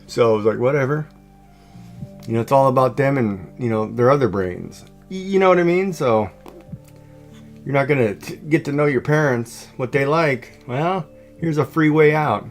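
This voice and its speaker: Here a middle-aged man hosts a home livestream, chatting loosely, rambling, and often restarting or using fillers. His voice sits in the mid range at normal speed, and soft music plays behind him.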